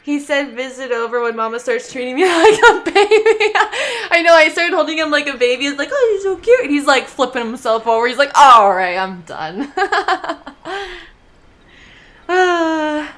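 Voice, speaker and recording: A woman's voice: high voice, expressive, normal speed, a bit bright. A woman streaming a game, chatting casually with viewers, giggly and chatty, who coos baby talk at her cat. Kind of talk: casual gaming livestream chat.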